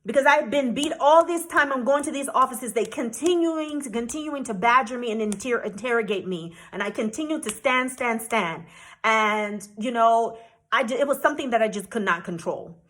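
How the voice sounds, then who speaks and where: A woman's voice: on the high side, moderate pace, a bit bright. A woman travel vlogger from the United States telling a personal story to camera, earnest and emotional with frequent restarts.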